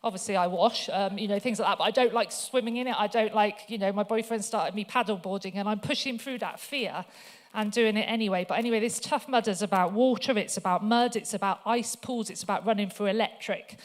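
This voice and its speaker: A woman's voice: mid-range voice, brisk. A woman speaking at a church, telling funny personal stories in a chatty way with many fillers before she turns to scripture. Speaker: guest speaker.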